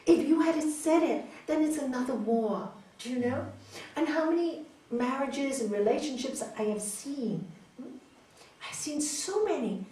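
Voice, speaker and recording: Her voice high-pitched and a little slow, a woman delivers a spiritual talk on raja yoga to an audience in a hall. She's an animated storyteller who acts out quoted voices and often asks a questioning "hmm?". The recording sounds distant, with the hall's echo around her.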